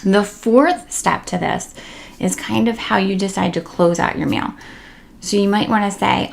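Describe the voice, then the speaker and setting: Host of a parenting tips series: a woman with mid-range pitch and a touch of fry, casual and chatty, fillers and bright emphasis. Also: moderate pace. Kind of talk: casual instructional talk to camera.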